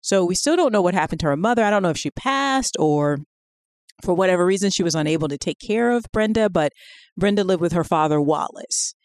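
A chatty woman co-hosting a podcast, with a fairly low voice. She talks loosely, full of fillers and quick asides. The sound is dry and close, with no room around it. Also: no echo. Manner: chatty and animated, with many fillers. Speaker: podcast co-host. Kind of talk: casual podcast chat.

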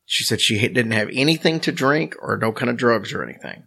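Man, podcast co-host, casual storytelling, wry jokes, gravelly voice. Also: medium pitch, brisk, pushed and bright. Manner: wry, joking, recounts a story from his notes.

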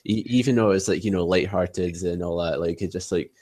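A man co-hosting a casual wrestling podcast, talking haltingly with constant fillers. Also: low-pitched, darkish tone, no room sound. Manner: halting, heavy use of "like". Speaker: podcast co-host.

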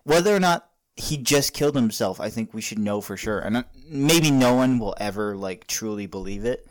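A man's voice: on the low side, animated, normal speed. A young man hosting a casual podcast chat, rambling and restarting his sentences. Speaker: podcast host.

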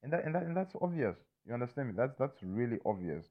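A man's voice: medium pitch, sing-song, quick pace. A man in a casual, rambling monologue who repeats himself, swears freely and keeps checking that the listener follows him. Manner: loose, repetitive, swears freely, keeps asking "you understand me?". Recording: thin phone-like sound.

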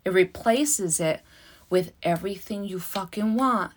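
A middle-aged woman hosting a podcast, talking casually, emotional and emphatic, swearing freely and swinging between loud bursts and soft asides. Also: medium pitch, measured pace, slightly rough. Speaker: podcast host.

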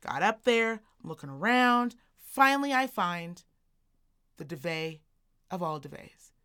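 A woman co-hosting a podcast, telling a comedic story in a sassy, profane, animated way. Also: fairly low pitch, a little slow, clean tone. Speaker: podcast co-host.

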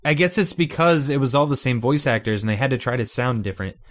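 Brief: man, podcast co-host, mid-pitched, jokey and lively in casual chat. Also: quick pace. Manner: joking, animated retelling of cartoon scenes.

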